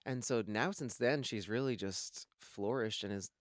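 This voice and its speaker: A man co-hosting a podcast, telling stories in a casual chat with lively swearing. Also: lowish voice, no room sound, clean studio sound. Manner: rapid, animated storytelling with lots of swearing. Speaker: podcast co-host.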